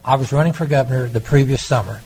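A man's voice: medium pitch, quick pace, a little mellow, breathy edge, rough recording. An older man from Oklahoma, a former governor, telling stories in an interview and acting out the dialogue he quotes. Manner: anecdotal, acts out quoted dialogue. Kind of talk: storytelling interview.

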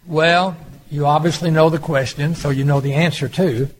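A man's voice: on the high side, steady tone, normal speed, slight background noise, poor audio. An older man from Oklahoma, a former governor, telling stories in an interview and acting out the dialogue he quotes. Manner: anecdotal, acts out quoted dialogue. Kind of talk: storytelling interview.

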